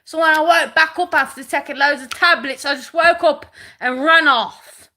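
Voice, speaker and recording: A woman's voice: sits high, normal speed, bright, forceful tone. A woman in an angry, swearing live-stream rant, repeating herself and making threats.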